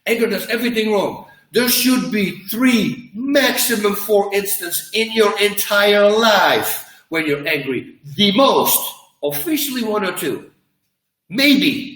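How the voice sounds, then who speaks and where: A man who is a former fighter, answering interview questions in an emphatic, animated way and acting out quotes as he tells stories. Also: high-pitched, slow, reverberant, recorded from a distance, low-quality recording.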